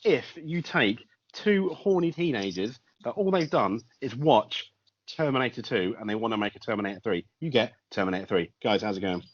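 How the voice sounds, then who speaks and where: Lively joking male podcast co-host. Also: medium pitch, moderate pace, highs cut off, a little hiss or hum. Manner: animated, jokey, crude. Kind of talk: casual film review chat.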